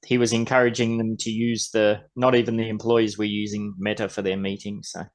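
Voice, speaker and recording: A man with an Australian accent co-hosting a podcast, joking and swearing casually in relaxed chat. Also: fairly low pitch, a little fast. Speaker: podcast co-host.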